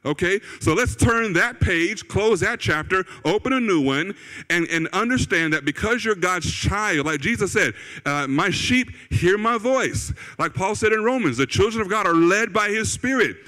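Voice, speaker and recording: Higher-voiced pastor preaching in a reverberant church. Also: male voice, animated, normal speed, pushed and bright. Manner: conversational, repeats phrases for emphasis, asks "right?" and "okay?". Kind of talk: sermon. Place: church sanctuary. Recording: long reverb of a church hall.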